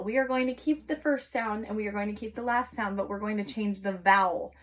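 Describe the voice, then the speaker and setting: A kindergarten teacher giving an online phonics lesson, speaking to young children in an encouraging, sing-song way and stretching out letter sounds slowly. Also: female voice, medium pitch, fairly even intonation. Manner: slow, exaggerated sounding-out of letters.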